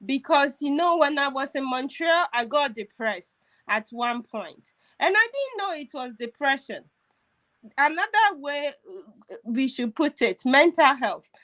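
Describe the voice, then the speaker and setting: A woman's voice: high voice, animated, measured pace, a bit bright. A woman telling a personal story in casual chat, emotional and laughing as she goes, with many restarts. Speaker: host.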